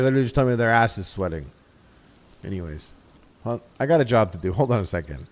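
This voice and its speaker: A man's voice: mid-range voice, fast talker. A man chatting casually over a video game stream. He swears freely, cracks jokes and keeps mimicking the characters he meets. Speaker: livestreamer. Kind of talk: casual gameplay commentary.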